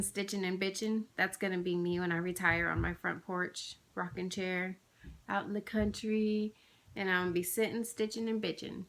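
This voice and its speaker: Chatty woman with a bright voice. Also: lowish voice, creaky. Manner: rambling, chatty, lots of fillers. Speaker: flosstube vlogger. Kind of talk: casual chatty haul video.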